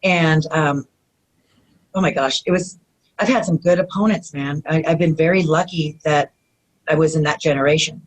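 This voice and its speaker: A woman guest in an interview, telling stories in a casual, animated way, often acting out quotes and saying "you know what I mean". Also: sits low, moderate pace, low-quality recording. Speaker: retired pro wrestler guest.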